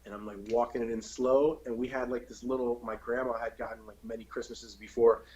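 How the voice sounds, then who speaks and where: A man's voice: mid-range voice, flat delivery, fairly quick, darkish tone, dull audio. A man in his thirties and a parent, co-hosting a podcast in a blunt, joking, profane way. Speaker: podcast co-host. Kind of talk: casual podcast chat.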